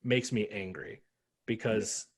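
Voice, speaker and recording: A man co-hosting a casual sports podcast, ranting with animated, profane jokes. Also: on the low side, slow pace, slightly rough. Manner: animated, profane, joking rants. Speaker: podcast co-host.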